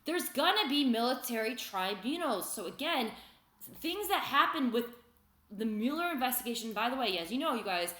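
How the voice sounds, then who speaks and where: A woman talking straight to her viewers in an upset, heated rant, swinging between loud outbursts and quiet muttering. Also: a little high, sing-song, moderate pace, reverberant. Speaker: vlogger. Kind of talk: agitated opinion rant to viewers.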